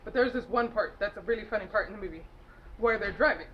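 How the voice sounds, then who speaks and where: A woman chats through a movie plot in a loose, rambling way, laughing and correcting herself as she goes. Her voice sits at an ordinary pitch for a woman. The recording is dull and lo-fi, with a faint hiss underneath. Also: quick pace. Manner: giggly, loose, with frequent fillers and self-corrections. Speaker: movie reviewer. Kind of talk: casual rambling movie recap.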